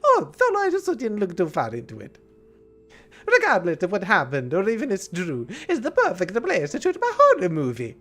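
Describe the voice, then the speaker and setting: A man's voice: high voice, huge pitch swings, moderate pace, fairly bright tone, soft background music, full character voice. A man putting on an exaggerated Italian accent to read out a note from a cheery middle-aged uncle who directs films. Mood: cheerful. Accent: put-on Italian. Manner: exaggerated, sing-song, bubbly. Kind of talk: reading a game note aloud in character.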